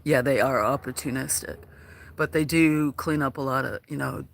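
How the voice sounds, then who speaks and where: A man hosting a casual livestream outdoors at a farm, talking in a soft, hesitant way with lots of fillers. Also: mid-range voice, gravelly, a little hiss or hum. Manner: slow, soft-spoken, hesitant with many fillers. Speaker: livestream host.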